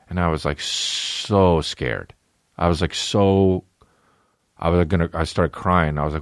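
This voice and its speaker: A man hosting a podcast, telling a funny family story and acting out a scared child in a high voice. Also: moderate pace, dry recording, studio quality. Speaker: podcast host. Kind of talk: solo comedic storytelling.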